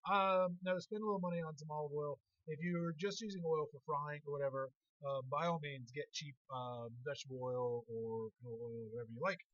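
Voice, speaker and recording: A man's voice: a little high, brisk, fairly bright tone, no echo, dull audio. A man chef chatting casually and joking with filler words while demonstrating a recipe.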